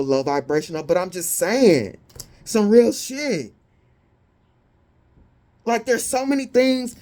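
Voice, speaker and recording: A woman giving a casual tarot reading, blunt, profane and sassy, with animated indignant peaks. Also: mid-range voice. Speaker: tarot reader.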